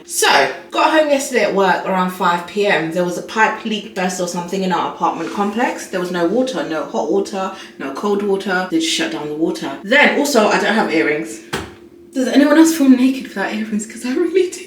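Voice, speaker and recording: A woman's voice: mid-range voice, animated, brisk, slight background noise. Chatty exasperated woman, echoey room. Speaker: travel vlogger. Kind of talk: casual vlog chat. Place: hotel room. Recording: echoey room, faint background ambience.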